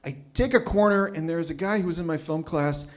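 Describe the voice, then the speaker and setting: A man's voice: a little high, brisk. A man telling a personal story at a live storytelling night, wry and self-mocking.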